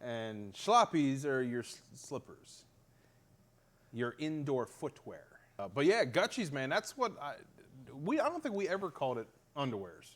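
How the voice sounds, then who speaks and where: Hosting a laid-back talk show, this Western Pennsylvania man speaks with a Pittsburgh accent, telling stories animatedly and swearing freely. His medium-pitched voice swings widely in pitch at an unhurried pace.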